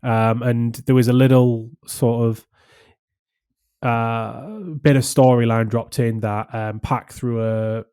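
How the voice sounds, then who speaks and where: A man's voice: medium pitch, flat delivery, slow, mellow, clear, resonant tone. A man co-hosting a casual podcast chat, rambling with lots of fillers and restarts. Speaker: podcast co-host.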